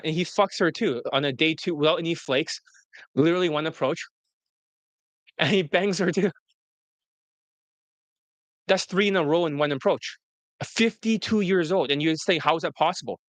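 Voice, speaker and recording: A man with a somewhat high voice tells crude dating stories in a blunt, rambling way. He swears often and restarts his sentences. The sound is dry and close, with no room echo. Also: normal speed, long pauses. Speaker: dating coach. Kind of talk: casual storytelling to an interviewer.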